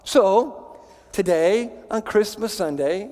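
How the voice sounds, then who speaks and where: A male pastor preaching a sermon in a church in a lively, conversational way, often stopping and restarting his sentences. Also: high voice, slow, big-room sound. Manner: animated, conversational, many restarts. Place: church sanctuary.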